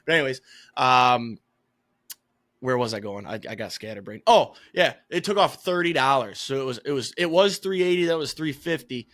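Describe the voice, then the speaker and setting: A young man with a Michigan accent co-hosting a sports podcast, telling long rambling stories in casual chat, swearing freely and getting louder as he vents. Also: animated, normal speed. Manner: rambling storytelling, swears freely, gets louder and higher when worked up. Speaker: podcast co-host.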